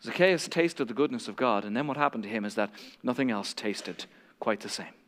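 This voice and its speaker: A man's voice: medium pitch, expressive, brisk, a bit bright. A male pastor preaching an impassioned, dramatic sermon to a congregation in a large church hall. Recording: long hall reverb.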